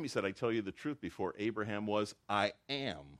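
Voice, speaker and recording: A man preaching a sermon to a church congregation, acting out the dialogue he quotes in an animated way. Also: lowish voice, brisk, hardly any pauses. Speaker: pastor.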